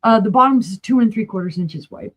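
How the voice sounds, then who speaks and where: A woman's voice: medium pitch, a little fast, fairly bright tone, lo-fi sound. Chatty woman with a New Mexico accent. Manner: chatty, folksy, describes items closely to viewers. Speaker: guest seller on a live auction stream. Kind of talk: casual live-sale chat.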